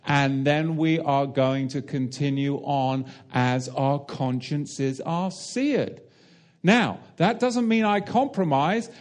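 Slow, emphatic preaching man. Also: a little high, a little mellow. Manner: emphatic, rhetorical questions to the congregation; explains Hebrew and Greek terms. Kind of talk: sermon.

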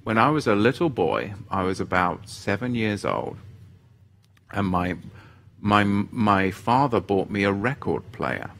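Hosting a faith show's livestream, this man talks in a fairly low, fairly bright voice that swings widely in pitch and moves a little slowly. He chats casually, reads out comments from viewers with loose self-deprecation, and often lets sentences trail off partway through.

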